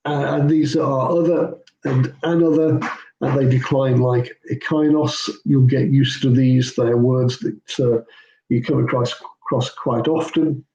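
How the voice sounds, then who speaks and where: A man's voice: mid-range voice, fairly even intonation, a little slow, dark tone, muffled recording. A man, a pastor, talking through biblical Greek grammar in an informal lesson, hesitant, with many ums and self-corrections. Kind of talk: informal teaching walkthrough. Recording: roomy echo.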